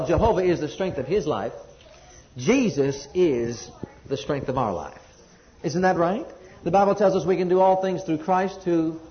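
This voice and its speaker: A man delivers a sermon in a fairly high voice, reading scripture and then pressing his points home with emphatic repetition. He calls on listeners to answer back. The recording is dull and lo-fi. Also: a little hiss or hum. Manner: emphatic, repetitive preaching with call-and-response. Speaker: preacher.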